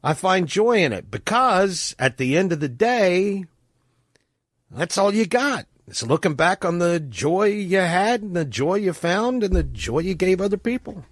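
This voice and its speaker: Male player role-playing, slow, lively pitch, dry close sound. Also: no room sound. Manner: earnest, heartfelt speaking. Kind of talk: in-character role-play.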